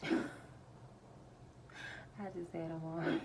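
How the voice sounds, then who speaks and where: A woman's voice: sits low, completely flat delivery, slow, creaky, pauses often, a little mellow, far from the mic, a little hiss or hum, poor audio. A woman casually telling her viewers a story, laughing often as she retells it. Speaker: vlogger.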